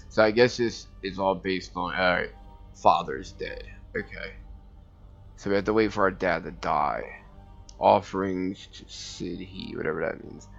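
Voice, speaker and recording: A man's voice: sits low, expressive, measured pace, gravelly, fairly bright tone, dull audio, faint music behind. A man casually commenting on a strategy game as he plays, thinking aloud and reading game text, with hiccups now and then. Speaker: gameplay commentator. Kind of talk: casual let's-play commentary.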